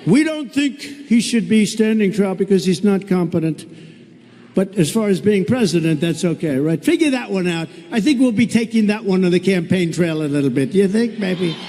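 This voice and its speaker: A man's voice: sits high, animated, normal speed, warm tone, slight background noise. A man giving a campaign rally speech in a large indoor venue, talking in a repetitive, boastful and mocking way. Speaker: political candidate at a rally. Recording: long reverb of a big hall.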